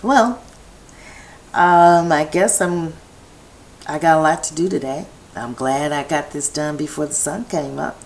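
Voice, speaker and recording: Low-voiced, slow, rambling woman vlogger. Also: a little hiss or hum, rough recording. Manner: meandering, restarts thoughts, chatty asides. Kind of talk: rambling personal monologue. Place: home video set.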